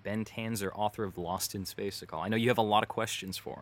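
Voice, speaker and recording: A man's voice: fairly low pitch, steady tone, fast talker. Podcast host dude poking at his guest, teasing, asks stuff. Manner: teasing, asks prodding questions. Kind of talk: casual chat.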